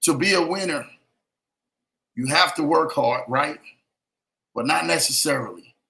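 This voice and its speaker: A man's voice: a little high, unhurried, creaky, sharp tone. A man hosting a motivational podcast, talking emphatically and repeating phrases for effect, with a preachy, keeping-it-real manner. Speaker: podcast host.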